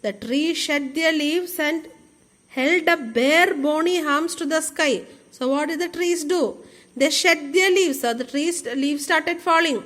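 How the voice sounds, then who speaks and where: A woman's voice: sits high, moderate pace, fairly bright tone. A woman teacher with an Indian English accent, reading a children's story aloud and explaining word meanings, often repeating phrases.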